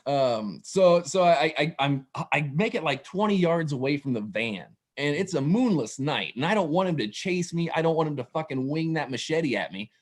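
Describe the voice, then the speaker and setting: A man telling a wild story for laughs, profane and animated, with laughing asides. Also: fairly high pitch, moderate pace, few pauses. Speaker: guest storyteller. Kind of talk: comedic storytelling.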